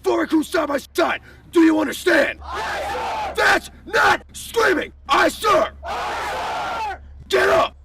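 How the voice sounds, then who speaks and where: A man working as a drill instructor, barking shouted commands at recruits inside a bus. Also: very high voice, slow pace, vocal fry, pauses often. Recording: distant mic, loud crowd and noise.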